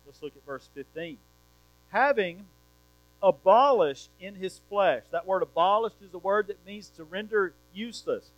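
A man preaches a sermon in a high voice. He works through the verses one by one and puts questions to his listeners. A steady mains hum runs under the recording. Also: normal speed, no room sound, lo-fi sound, soft background music. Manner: explains verse by verse, asks the room questions.

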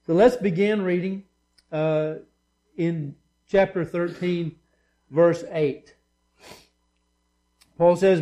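A man's voice: sits high, slow pace, dark tone. A man preaching a sermon as pastor, reading scripture and explaining it with emphatic repetition and casual asides.

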